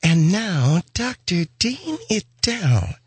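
A man voicing a breathy female show announcer. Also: high-pitched, big pitch swings, drawn-out words, no room sound, pitched above the performer's own voice, full character voice. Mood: sultry.

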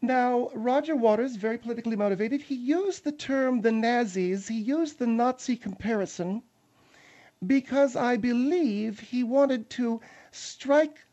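A man's voice: very high-pitched, unhurried, dark tone, highs cut off. A man playing a pompous general who blusters and stumbles through his claims. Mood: lecturing. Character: pompous self-assured male general on a radio show.

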